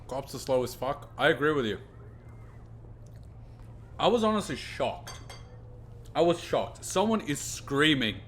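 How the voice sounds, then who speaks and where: A man hosts a let's play, drifting into casual, animated rants between bits of gameplay. His voice is bright and forceful, and he swears freely. His pitch swings widely as he tells his stories. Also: a little hiss or hum. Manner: animated, ranting storyteller who swears freely. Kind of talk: casual commentary over gameplay.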